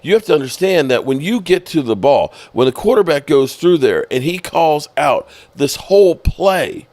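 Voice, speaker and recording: A man hosting a sports podcast, casually explaining football plays in an animated, profane way. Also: a little high, normal speed, no echo. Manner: animated, explanatory, swears freely.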